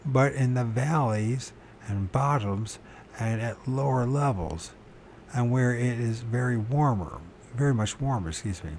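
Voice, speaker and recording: A man reads aloud at an unhurried, deliberate pace, his voice sitting at an ordinary middle pitch. He trips over words, backs up to fix them, and drops into muttered asides along the way. A faint noise sits under the recording. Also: darkish tone. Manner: halting reading, stumbles and corrects words, mutters to himself. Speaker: channel host reading aloud. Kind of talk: reading a book aloud with casual asides.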